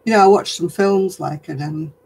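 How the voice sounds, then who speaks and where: On her craft livestream, a woman from Lancashire, England, crochets and chats homely with viewers, replying to their comments in a broad Lancashire accent. Her fairly low voice is gravelly, husky and a little mellow at a normal speed, and the audio is poor.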